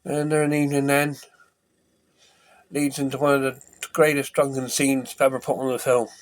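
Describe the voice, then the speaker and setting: A man's voice: medium pitch, flat delivery, moderate pace. A man casually retelling a film plot as a reviewer. He rambles with enthusiasm, repeats phrases and breaks off mid-sentence.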